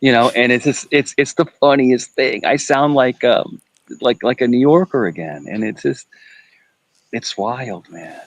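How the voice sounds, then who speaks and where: A man from Queens, New York chatting casually on a live stream, rambling and repeating himself with animated energy. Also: medium pitch, unhurried, rough recording.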